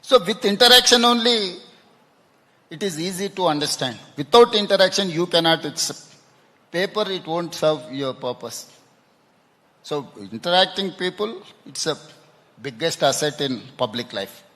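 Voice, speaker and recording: A man answering interview questions on stage, halting and repeating words, often ending with "no?". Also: fairly high pitch, lively intonation, pushed and bright. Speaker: chief minister interviewed on stage. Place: conference hall stage. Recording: long hall reverb.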